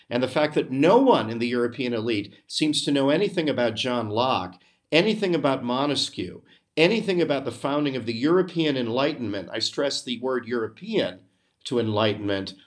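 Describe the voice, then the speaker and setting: An American man hosting a podcast, delivering an emphatic, sarcastic opinion monologue with open indignation. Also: medium pitch. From United States. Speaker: podcast host.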